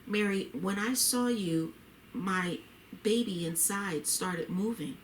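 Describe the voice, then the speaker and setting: A woman reading the lines of a tender, devout expectant wife in a story, gently and heartfelt. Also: medium pitch, takes it slowly, a little hiss or hum, natural voice. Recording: roomy echo.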